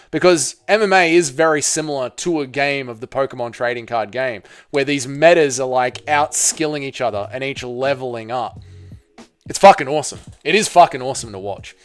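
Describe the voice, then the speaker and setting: Hosting a relaxed live stream, this Australian man reads out viewers' chat, joking with them and cursing freely. His voice is smooth and mid-range.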